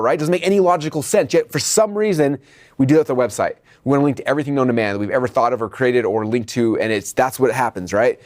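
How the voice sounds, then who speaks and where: A man's voice: mid-range voice, no echo, clean studio sound. A man teaching marketing at a whiteboard, telling stories and acting out shop customers in raised voices. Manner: animated storytelling, acts out customers in raised voices. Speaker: marketing trainer.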